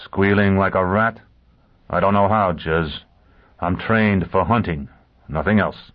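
A man voicing a hard, single-minded male hunter in an audiobook, speaking in a flat, blunt and terse way. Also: low voice, measured pace. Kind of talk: audiobook character voice. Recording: tinny phone-like sound.

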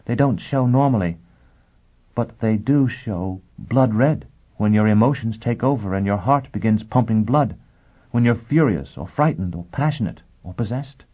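A male reader voicing a tense, scornful young woman who speaks quietly and cuttingly in an audiobook. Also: lowish voice, moderate pace, slightly rough, pitched above the performer's own voice. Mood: cold, quiet. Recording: tinny phone-like sound.

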